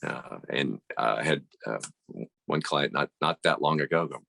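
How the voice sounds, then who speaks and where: A very deep, gravelly male voice speaking in an unhurried, reflective way, with many small restarts. He sounds like a coach explaining ideas through everyday analogies. The sound is dry and close to the mic. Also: bright, forceful tone, no echo. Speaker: guest, coach. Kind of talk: casual conversation.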